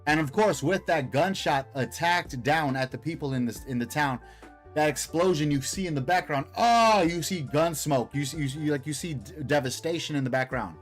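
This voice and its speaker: A man's voice: a little high, expressive, normal speed, faint music behind. A man hosting a casual live stream, reading a comic aloud and commenting in a slangy, hyped, rambling way. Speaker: streamer, host.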